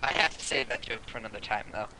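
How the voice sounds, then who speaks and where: A man's voice: fairly low pitch, steady tone, quick pace, pushed and bright, slight background noise, low-quality recording. A man joking casually through a game playthrough, full of quips. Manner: jokey, quips and mock voices. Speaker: let's play co-host.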